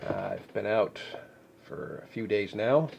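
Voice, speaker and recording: A man recovering from a head cold, stuffed up and clearing his throat, giving sarcastic, rambling commentary on news stories. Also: on the low side, big pitch swings, a little slow, darkish tone, slight background noise. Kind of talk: casual deadpan news commentary.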